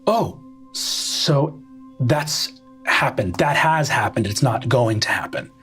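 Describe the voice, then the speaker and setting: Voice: mid-range voice, lively intonation, takes it slowly, fairly bright tone, faint music behind. A game master doing a vague, distracted seer sister. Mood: absent. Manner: vague, absent-minded. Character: distracted time-seeing sister.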